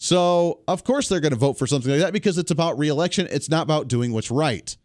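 A man's voice: on the high side, expressive, fast talker, darkish tone, no room sound, studio quality. Blunt, opinionated male radio host. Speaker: radio talk show host. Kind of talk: talk radio political commentary.

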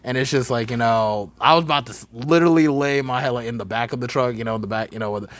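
A man's voice: mid-range voice, quick pace, dry recording. Laid-back slangy young man hosting. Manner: laid-back slangy storytelling, many fillers. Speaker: podcast host. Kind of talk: casual chat.

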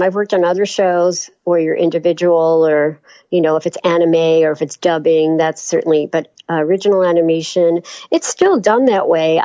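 A woman's voice: fairly low pitch, warm tone, no room sound. Voice actress guest, woman from New York, rambling casual anecdotes, dull lo-fi remote line, dry sound. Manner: chatty, rambling with many fillers and restarts. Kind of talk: casual interview chat.

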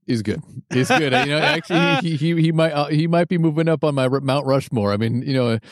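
A man's voice: on the high side, fairly quick, no echo, clean studio sound. Hesitant man in casual football talk. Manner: hesitant, repeats words, many fillers like "I mean". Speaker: podcast co-host. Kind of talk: casual sports chat.

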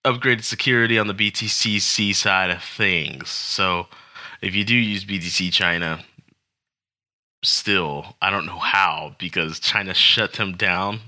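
A man's voice: sits low, fairly even intonation, a little slow, bright, forceful tone. A man co-hosting a casual crypto news podcast, joking and rambling with self-conscious asides. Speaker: podcast co-host.

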